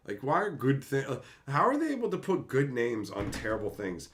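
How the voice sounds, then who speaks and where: A man's voice: mid-range voice, very animated, fairly quick, few pauses. A man casually ranting on a livestream, reading chat aloud, laughing and swearing as he gets worked up.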